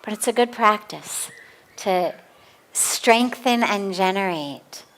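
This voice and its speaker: A woman spiritual teacher speaks in a measured, deliberate way, answering questions in a spiritual discourse. Her voice sits at a middle pitch, and she takes her time with each phrase. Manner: slow, calm and deliberate. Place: outdoor garden.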